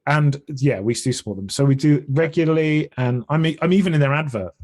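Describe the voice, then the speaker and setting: A little high and brisk, with a darkish tone, his voice carries an English accent. The comedian and streamer chats earnestly as a podcast guest, often restarting sentences in a casual conversational interview.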